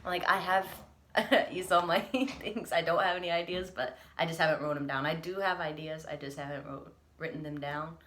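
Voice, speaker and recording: Young woman's confessional vlog, kinda low voice, earnest, choked up. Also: steady tone, normal speed, fairly bright tone. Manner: earnest, reflective, laughs through emotion. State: choked up, near tears. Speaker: vlogger.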